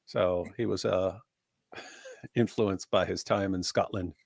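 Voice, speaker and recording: A man co-hosting a live stream, joking and telling animated stories in casual chat. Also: low-pitched, takes it slowly, vocal fry, slightly rough, no echo, studio quality. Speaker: co-host of a live talk stream.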